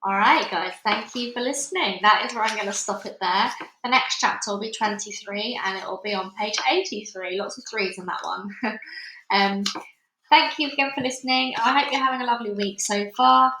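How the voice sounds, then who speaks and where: A woman reading a children's book aloud with lively, expressive storytelling, in an echoey room. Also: mid-range voice, moderate pace, noisy background.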